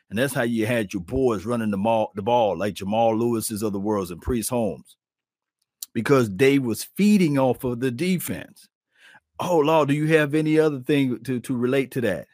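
A man hosting a sports talk channel, chatting live with viewers in an animated, folksy way. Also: medium pitch, dry recording, studio quality. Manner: animated, folksy, addresses the audience directly.

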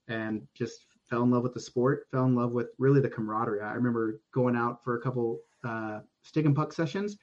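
A man's voice: mid-range voice, fairly even intonation, a little fast, few pauses, darkish tone. Podcast guest, man from Oklahoma, chatty and rambling, recorded on a dull lo-fi mic. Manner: rambling, frequent restarts, swears casually. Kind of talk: casual storytelling.

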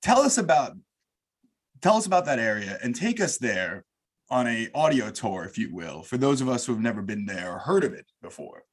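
A man's voice: lowish voice, big pitch swings, a little fast. A man with a New York accent hosting a casual podcast interview, effusive and welcoming toward his guest. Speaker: podcast host.

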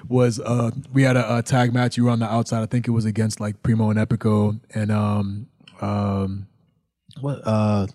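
Man telling a lively story, dry sound. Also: lowish voice, moderate pace, no echo. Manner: lively storyteller, laughs often. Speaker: podcast co-host. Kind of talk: casual chat.

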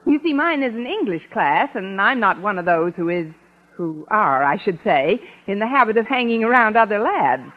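An actress playing a quick-witted, flustered English teacher in a 1950s radio sitcom. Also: female voice, medium pitch, big pitch swings. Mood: playful. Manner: wisecracking, flustered, giggly. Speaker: schoolteacher. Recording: muffled old radio broadcast with audience.

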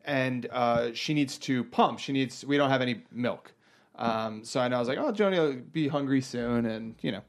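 A man's voice: medium pitch, moderate pace. A man in his thirties casually telling a story, acting out voices, swearing and using many fillers. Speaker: podcast guest telling a story. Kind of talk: casual chat.

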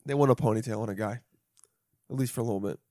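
A young man hosting a solo podcast, chatting casually and profanely, jumping between loud bursts and muttered asides. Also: mid-range voice, racing, no echo, clean studio sound. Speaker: podcast host. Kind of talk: rambling solo podcast chat.

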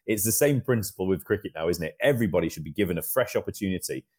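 A man's voice: low-pitched, animated, rapid-fire, darkish tone, breathy edge. A man co-hosting a cricket podcast, reflecting in casual chat and drawing on his own playing experience. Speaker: podcast co-host.

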